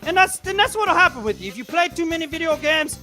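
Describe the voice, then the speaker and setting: Bright, high-voiced teasing male co-host. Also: animated, quick pace, soft background music. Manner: teasing, playful banter. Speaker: podcast co-host. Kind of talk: casual chat.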